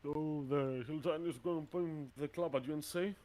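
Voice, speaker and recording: A man running a tabletop game as game master, narrating scenes in a measured way. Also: a little high, steady tone, darkish tone. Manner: measured, descriptive narration with fillers.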